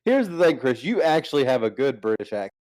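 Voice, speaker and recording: A man's voice: mid-range voice, big pitch swings, fast talker, a little mellow. A man hosting a podcast in casual chat, rambling and teasing his co-hosts with many restarts. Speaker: podcast host.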